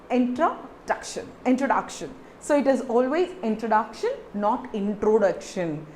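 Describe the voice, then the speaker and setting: Woman trainer, Indian English accent, lively high voice, instructive, slight hiss behind. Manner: instructive, repeats words and spells them out. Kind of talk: teaching lesson to camera.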